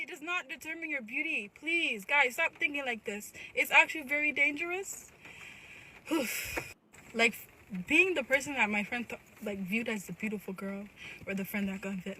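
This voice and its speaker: A woman's voice: fairly high pitch, normal speed, bright, forceful tone, a little hiss or hum, poor audio. A woman telling a personal story straight to her phone camera in an emphatic, direct way. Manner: emphatic, addresses viewers directly.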